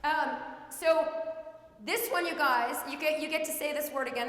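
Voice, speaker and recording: A woman's voice: sits high, moderate pace, a bit bright. A woman yoga instructor guiding a children's class with encouraging, playful cues. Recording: echoey room with long reverb.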